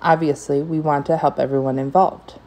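A woman reading aloud voices a gentle, measured male school director. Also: low voice, fairly even intonation, close to an everyday voice. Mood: calm.

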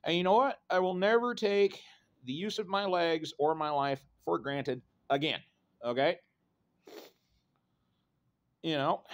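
Middle-aged man from Idaho, slightly high voice, loose profane storyteller who rambles. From Idaho, USA. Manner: profane, rambling, full of fillers like "right?" and "you know". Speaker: vlogger telling a personal story.

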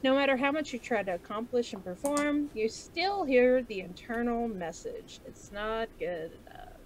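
A woman's voice: fairly high pitch, lively intonation, moderate pace, a little hiss or hum. A woman co-hosting a casual podcast chat, candid and self-mocking, laughing often as she talks. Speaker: podcast co-host.

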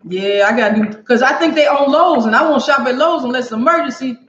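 A woman's voice: high voice, fast talker, a bit bright. A woman hosting a cooking livestream, chatting casually and exclamatorily with her viewers as she cooks in her home kitchen. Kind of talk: casual chat while cooking and reading viewer comments. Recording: echoey room, dull lo-fi sound.

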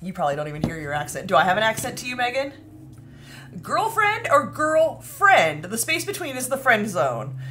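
A woman's voice: medium pitch, noisy background. A woman co-hosting a home baking vlog, chatty and giggly, reading viewer comments aloud as she talks. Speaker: baking vlog co-host reading live chat. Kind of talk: casual chat.

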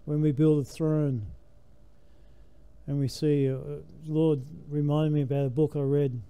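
A man's voice: on the high side, level tone, measured pace, dark tone, clear, resonant tone. An older man preaching a sermon in a church, emphatic, his voice rising and falling with the message.

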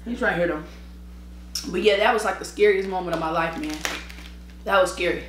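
Eating and sipping between sentences, a worn-out woman vlogs a mukbang, spinning lively, slang-filled stories and laughing a lot. She speaks briskly in a lowish voice, and her own microphone picks up an echoey room plus a little hiss or hum.

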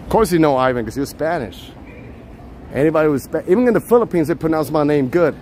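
A man's voice: on the high side, expressive, quick pace, a little mellow, a little hiss or hum. Joking man from Puerto Rico. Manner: joking, chatty, laughs a lot. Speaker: vlogger. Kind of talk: casual walking vlog. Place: city street outdoors.

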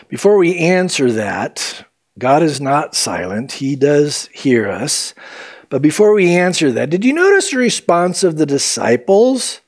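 A man preaching a sermon as pastor, animated and acting out the quotes in different voices. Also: on the high side, measured pace, slightly rough.

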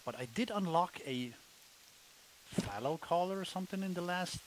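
A man's voice: high-pitched, lively intonation, moderate pace, slight background noise, rough recording. A man casually commenting on a hunting video game as he plays, thinking aloud with wry asides. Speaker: gamer, let's play host.

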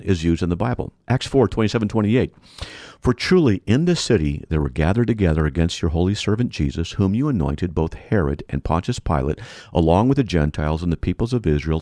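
A deep-voiced man teaching Bible doctrine on his radio show, his pitch rising and falling in animated swings. He works through scripture references methodically and leans hard on key words. His voice sits close and dry, with no room sound. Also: no echo. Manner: methodical, reads scripture references in quick succession; emphatic, stresses Greek terms. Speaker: radio show host, apologist.

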